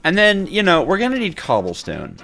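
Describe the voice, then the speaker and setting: A man giving let's play commentary as a gaming creator, excitable and thinking aloud while he plays, talking to himself and often breaking into laughter. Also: sits high, brisk, creaky. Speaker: gaming YouTuber.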